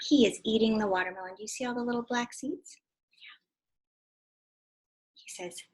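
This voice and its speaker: Breathy teacher coaxing young readers. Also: female voice, on the high side, moderate pace, pauses often. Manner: animated, asks children questions, drops to whispers. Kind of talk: read-aloud lesson for young children.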